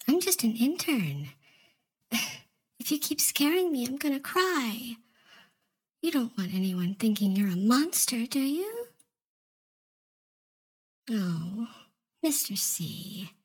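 In an audio role-play monologue, a woman plays an obsessive, manipulative young female office intern. Her slightly high, husky voice is exaggerated, sugary and coy, with soft whispered asides.

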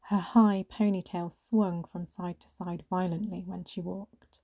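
A woman reads a first-person story in a hushed manner that often slips into a half-whisper. Her voice is husky with a gravelly fry, pitched somewhat low and very dark and mellow in tone. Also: level tone, unhurried, no echo. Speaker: narrator.

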